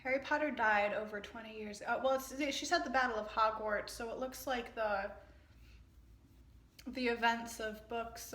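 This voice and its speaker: A woman's voice: on the high side, fairly bright tone. A young woman reading a play aloud and breaking off into rambling, chatty comments full of fillers. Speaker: reader and commentator. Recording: echoey room.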